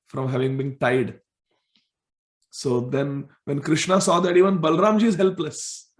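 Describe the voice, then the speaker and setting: A man giving a devotional scripture class, telling stories in an animated way and chanting verses. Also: a little high, creaky. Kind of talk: devotional scripture storytelling lecture. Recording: roomy echo.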